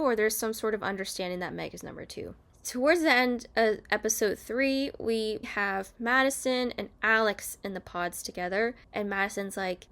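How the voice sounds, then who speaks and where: Sitting on her bed at home, a young woman YouTuber casually chats through a recap of a reality show, frequently voicing quotes in different characters. Her voice sits at a medium pitch with a slightly bright quality.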